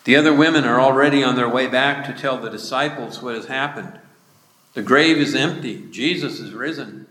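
A man preaching a sermon, slowly retelling a scripture passage. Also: medium pitch, fairly bright tone. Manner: slow, measured retelling of scripture with quoted speech. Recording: echoey hall with long reverb.

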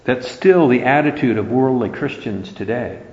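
A man's voice: medium pitch, moderate pace, darkish tone. A man preaching a sermon, earnest and emphatic, quoting scripture throughout. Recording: roomy, dull lo-fi hall recording.

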